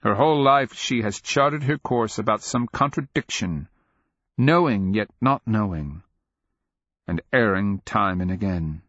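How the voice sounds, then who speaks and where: A man narrating a dark fantasy novel in a measured, expressive storytelling manner. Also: on the low side, no room sound. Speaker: audiobook narrator. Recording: dull, dry lo-fi recording.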